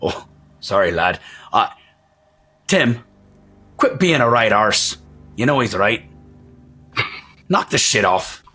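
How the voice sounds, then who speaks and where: A man's voice: on the low side, very animated, slow pace, pauses often, sharp tone, breathy edge, faint music behind, heavily acted. A man voicing a blunt, swearing male dwarf who is friendly underneath, in a tabletop game. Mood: blunt scolding. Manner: blunt, swearing, matter-of-fact.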